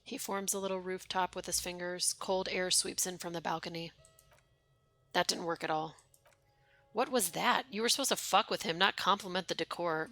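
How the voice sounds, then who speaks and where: A woman's voice: lowish voice, steady tone, moderate pace, long pauses, bright, forceful tone, dry recording. A young woman streaming a game, chatting wryly and reading its dialogue aloud. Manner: chatty, wry, reads game text aloud.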